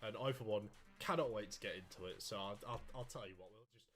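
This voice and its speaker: A man co-commentating a sim racing stream, excitable and joking in casual banter. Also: on the low side, quick pace, soft background music. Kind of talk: casual esports race commentary.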